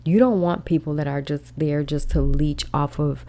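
A woman hosting a faith talk, speaking candidly in casual slang with laughing asides and lively storytelling. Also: low-pitched, normal speed. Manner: candid, slangy, laughing asides, animated when telling stories. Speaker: faith podcast host.

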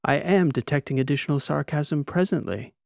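A man reading an audiobook, playing a literal-minded robot assistant that speaks in a flat, formal, precise way. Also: a little high, fairly quick, gravelly, no room sound, clean studio sound, voice pushed up. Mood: matter-of-fact. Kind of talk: audiobook character voice.

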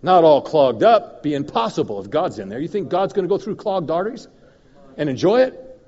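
A man preaching as a guest minister, telling a story in an animated way that swings from loud and emphatic to low and confiding. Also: a little fast. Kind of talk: storytelling sermon. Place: church hall. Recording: dull recording in a reverberant hall.

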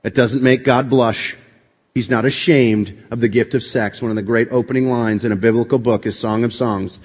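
A man preaching a sermon to his congregation, animated and full of rhetorical questions. His voice rings out with a long reverb in a large hall. The recording is dull and lo-fi. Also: mid-range voice, normal speed, breathy edge. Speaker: pastor. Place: church sanctuary.

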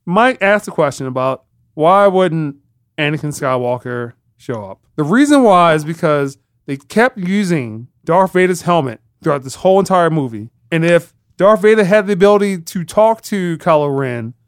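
A man's voice: fairly high pitch, expressive, moderate pace, clean tone, no room sound, clean studio sound. A man hosting a podcast in casual chat, rambling and acting out quotes as he goes. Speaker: podcast host.

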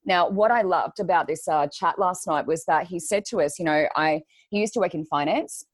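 Here a female podcast co-host, lowish in voice and moderate in pace, spins casual stories in a clip with no room sound. She's animated, dramatizing each quote as she goes.

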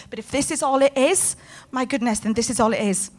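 A woman's voice: a little high, fast, slight background noise. A woman preaching a sermon with passion, putting questions to her congregation. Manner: impassioned, talks to the room with questions.

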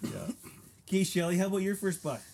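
Brief: man host, mid pitch, encouraging, light background noise. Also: steady tone, quick pace, darkish tone. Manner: encouraging, chiming in with short replies. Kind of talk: casual chat.

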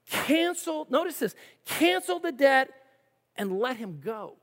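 An animated preacher delivers a sermon, reading scripture and stepping into the voices of the people in it. The pitch swings widely from line to line, and rhetorical questions keep the congregation involved. A long reverb trails behind every phrase, as in a big hall. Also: measured pace.

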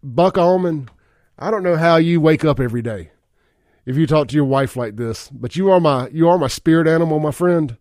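Chuckling radio host, dry sound. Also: male voice, a little high, moderate pace, darkish tone, no echo. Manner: reads listener texts aloud with frequent chuckles. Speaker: radio talk show host. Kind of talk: casual talk radio. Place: radio studio. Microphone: studio microphone.

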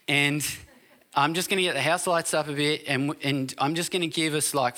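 A man's voice: a little high, fairly bright tone. A man preaching a sermon at a church service in a casual, chatty way, often checking in with the congregation. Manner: casual, keeps checking in with "all right?" and "okay?". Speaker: pastor.

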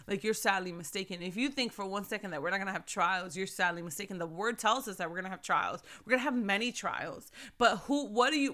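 Thirties woman, podcast host, casual and animated faith talk, bright and forceful. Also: mid-range voice. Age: 30s. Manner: animated, chatty, addresses listeners as sis.

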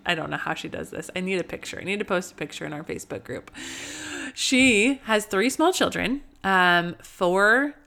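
A woman's voice: medium pitch, animated, normal speed, vocal fry, bright, forceful tone. A woman in her thirties hosting a faith podcast, chatting casually with many fillers and restarts. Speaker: podcast host.

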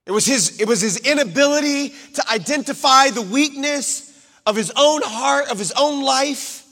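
A man preaching a sermon, swinging from loud declarations to hushed asides and acting out the quoted lines. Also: extremely high pitch, moderate pace. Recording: long hall reverb.

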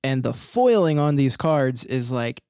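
A man's voice: mid-range voice, a little slow, no echo, studio quality. A young man, hosting a casual chat and telling stories with lots of laughter. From Philadelphia area, USA. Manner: animated storyteller, laughs often, lots of fillers. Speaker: podcast host.

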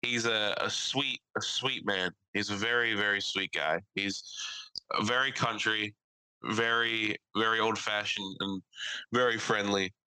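A man's voice: fairly low pitch, fairly even intonation, unhurried, pushed and bright, smooth, dry recording, rough recording. A man hosting a casual podcast, telling stories with lots of swearing and laughter. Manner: profane, laughing, storytelling. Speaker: podcast host.

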